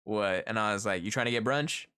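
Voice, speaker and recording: A middle-aged man streaming live, telling a story about his workday to his chat in a lively, animated way and acting out the people in it. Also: lowish voice, brisk, clean tone. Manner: animated storytelling, acts out quoted coworkers. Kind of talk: casual chat with viewers.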